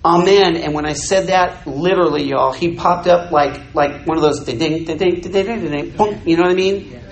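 A man's voice: fairly high pitch, normal speed, reverberant, poor audio. An older man, a missionary preaching a sermon, telling a story and acting out the dialogue for his congregation. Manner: animated, acts out dialogue, jokes with audience.

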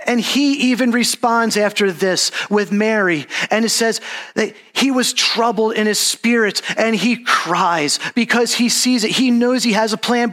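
A man's voice: sits high, a bit bright. A man giving a casual, conversational sermon, acting out Bible characters in an everyday modern voice. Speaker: preacher.

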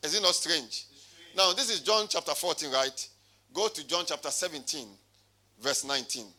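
A man's voice: on the high side, moderate pace, bright, forceful tone. A male pastor preaching a sermon, calling out to his congregation and reading scripture aloud. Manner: preaching with call-and-response.

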